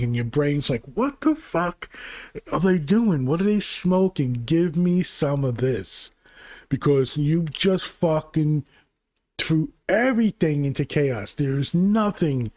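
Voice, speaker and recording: A man hosting his own channel, recapping movies in a casual, rambling, profane way that grows excitable. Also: fairly high pitch, no room sound, clean studio sound. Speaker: channel host.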